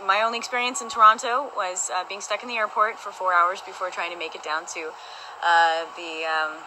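A woman chatting casually with her partner on a livestream from home, bubbly and quick to laugh. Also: mid-range voice, steady tone, background noise. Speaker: co-host of a livestream. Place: their home.

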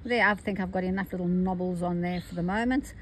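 A South African woman, older, talking casually and gently through an embroidery tutorial step by step. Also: on the low side, quick pace, slight background noise, rough recording. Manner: chatty, gentle step-by-step instruction. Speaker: embroidery teacher.

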